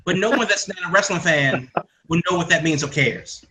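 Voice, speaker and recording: A man co-hosting a casual wrestling podcast, quick and opinionated with jokey asides. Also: fairly high pitch, bright, forceful tone, poor audio. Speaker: podcast co-host.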